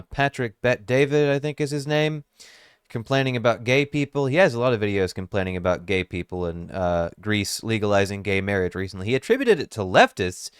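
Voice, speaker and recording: A YouTube commentator with a clear, resonant mid-range voice muses wryly and thinks aloud in casual reaction commentary. He's close to the microphone, with no echo.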